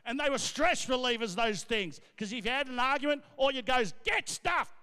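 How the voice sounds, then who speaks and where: Middle-aged stand-up MC, brash and loud, high bright voice, long ballroom echo. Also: male voice, clear, resonant tone. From Australia. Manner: brash, loud, rapid riffing. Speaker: comedian and MC. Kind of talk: stand-up comedy. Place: large gala ballroom. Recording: echoey ballroom, long reverb.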